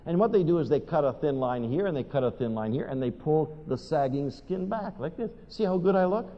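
An older man delivers a sermon full of stories and questions to the congregation. His fairly high voice swings widely in pitch as he tells it. The sound is dull and carries the long reverb of a large hall. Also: a little fast, slight background noise. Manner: animated storytelling, asks the audience questions. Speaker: preacher.

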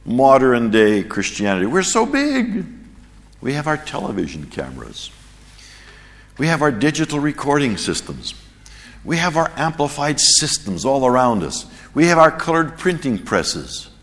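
Brief: male preacher leading a church class, lively storyteller, laughs at his own punchlines, mid-range voice, long hall reverb. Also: medium pitch, moderate pace. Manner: storytelling, animated, chuckles at his own jokes. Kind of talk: sermon with anecdote.

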